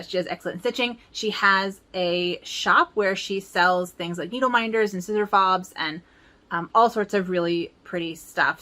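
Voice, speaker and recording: A woman's voice: fairly low pitch, sharp tone. A woman in her forties, chatting casually and rambling a little as she shows her stitching books at home. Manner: chatty, upbeat, rambling with fillers. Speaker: cross-stitch vlogger. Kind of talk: casual chat.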